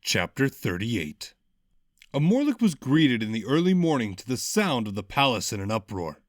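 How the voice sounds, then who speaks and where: Expressive male audiobook narrator. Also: medium pitch, brisk, no echo, clean studio sound. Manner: dramatic, expressive reading.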